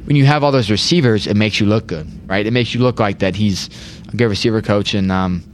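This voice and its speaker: A man's voice: lowish voice, a little fast, slight background noise. A young man hosting a casual sports chat, rambling, repeating words and saying "like" a lot. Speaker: podcast host.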